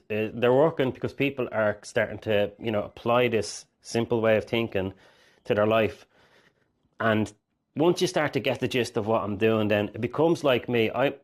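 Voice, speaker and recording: A man speaking as a mindset coach, earnest and rambling, often acting out inner voices. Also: lowish voice. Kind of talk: direct-to-camera coaching talk.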